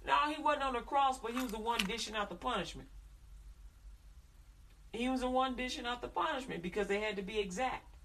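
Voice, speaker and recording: Bright-voiced woman preaching. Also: on the high side, a little fast, recorded from a distance. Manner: animated storytelling, acting out family voices, chanting prayers. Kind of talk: sermon.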